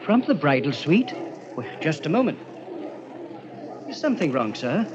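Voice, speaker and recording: A man's voice: a little high, sing-song, normal speed. An actor playing a prying male hotel desk clerk in an old radio drama. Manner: prying, officious. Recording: dull old radio recording with crowd.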